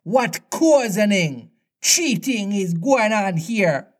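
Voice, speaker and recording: A man reading aloud voices a pirate captain who swings between menace and fear, with drawn-out theatrical speech. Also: a little high, animated. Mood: raging.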